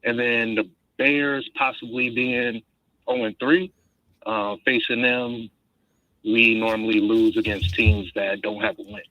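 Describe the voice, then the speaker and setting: A man's voice: on the low side, steady tone, unhurried, no echo. A man calling in to a sports radio show, talking plainly and a little hesitantly. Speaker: caller. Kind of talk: call-in chat. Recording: muffled phone line.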